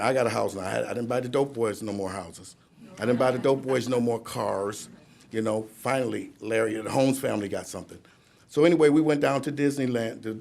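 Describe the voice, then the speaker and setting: Gravelly-voiced man telling his recovery story. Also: mid-range voice. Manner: rambling, conversational, laughs at himself. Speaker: drug court graduate giving a testimony. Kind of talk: personal recovery testimony to an audience. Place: courtroom ceremony.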